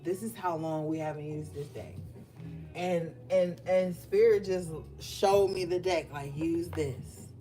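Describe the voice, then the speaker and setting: A woman's voice: lowish voice, fairly even intonation, unhurried, warm tone, faint music behind. A woman doing a casual live tarot reading, chatty and loose with plenty of swearing. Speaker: tarot card reader.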